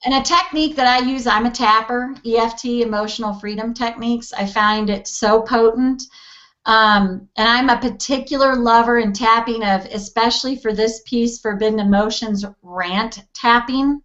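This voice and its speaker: Woman in an interview, animated, does little voices, kinda muffled lo-fi sound. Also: on the high side, moderate pace. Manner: animated, acts out quoted voices, laughs easily. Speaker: interview guest, EFT practitioner. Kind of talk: casual conversational interview.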